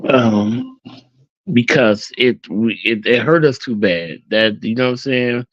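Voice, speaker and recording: A man's voice: mid-range voice, dry recording, highs cut off. A man hosting a casual talk, speaking earnestly and often repeating "you know what I'm saying.". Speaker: host.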